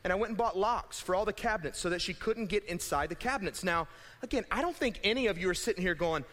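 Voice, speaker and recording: Animated young man preaching a sermon. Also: high voice, fast talker. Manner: conversational, animated, acts out imagined voices. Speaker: pastor. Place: church sanctuary. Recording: hall reverb.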